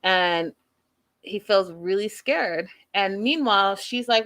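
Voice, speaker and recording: Smooth-voiced woman hosting a chatty recap. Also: medium pitch, animated, slow, pushed and bright. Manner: chatty, addresses viewers as "you guys", many fillers. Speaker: show recap host. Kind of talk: casual recap chat.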